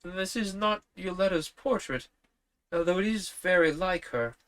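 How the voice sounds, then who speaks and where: A man voicing a courteous young man who explains things with calm, slightly superior politeness in a storybook reading. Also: high-pitched, a little slow, pitched above the performer's own voice. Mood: politely explaining.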